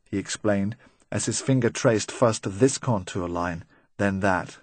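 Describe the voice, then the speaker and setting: A man narrating a crime audiobook in a measured, even manner. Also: lowish voice, slightly rough, no room sound.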